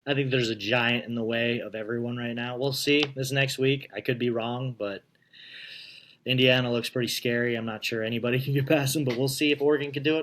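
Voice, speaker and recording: A man's voice: medium pitch, fairly bright tone. A man co-hosting a sports podcast, chatty and laughing easily as he asks questions. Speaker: podcast co-host. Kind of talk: casual sports chat.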